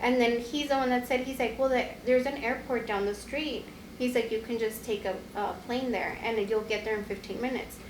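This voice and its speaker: A woman's voice: fairly high pitch, fairly even intonation, fairly quick, echoey room, a little hiss or hum, low-quality recording. A young woman hosting a casual podcast chat, telling a travel story with a lot of laughter. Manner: chatty storyteller, laughs often. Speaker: podcast co-host.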